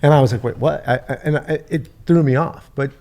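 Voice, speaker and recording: A middle-aged man, a podcast host, telling an emotional personal story in a halting way, often repeating his words. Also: fairly high pitch, fairly even intonation, a little mellow.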